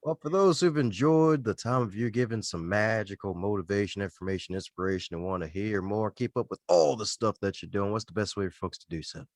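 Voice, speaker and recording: A man's voice: fairly low pitch, a little fast, few pauses, no echo, studio quality. A man hosting a podcast interview in casual chat, playful and jokey, leaning on catchphrases. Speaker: podcast host.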